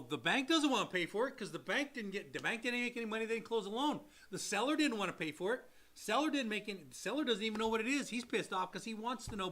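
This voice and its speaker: A man with a fairly high voice talks through loan questions on a casual podcast. His tone is bright and forceful, and he is blunt and animated. He swears casually and acts out what buyers and sellers say. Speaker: co-host and loan officer.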